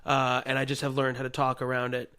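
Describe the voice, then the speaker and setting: A young man hosting a podcast in a studio, chatting loudly and casually and talking around a slight stutter. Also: mid-range voice, quick pace, clear, resonant tone. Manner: loud, animated, puts on voices in anecdotes. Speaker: podcast host. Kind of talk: casual chat.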